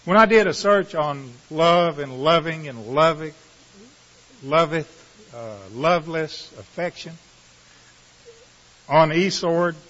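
A high-pitched man preaching in a slow, measured cadence, letting each phrase hang before the next. His voice rings with a long reverb in a large hall, and the sound is dull and muffled. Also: a bit bright. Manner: slow, measured reading with dramatic pauses. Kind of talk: sermon with scripture reading.

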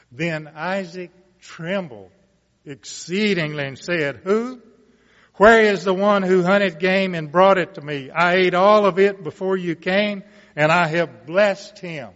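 A man preaching, reading Bible passages aloud and commenting on them in a slow, deliberate way with emphatic rises. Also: sits high, fairly bright tone. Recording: muffled sound with long reverb.

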